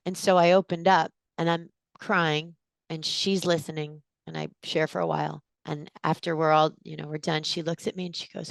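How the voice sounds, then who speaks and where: A woman in her forties, a guest in an interview, telling a personal story in an animated way and acting out what people said. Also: sits low, moderate pace, vocal fry, no room sound. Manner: animated storyteller, acts out quotes with gasps.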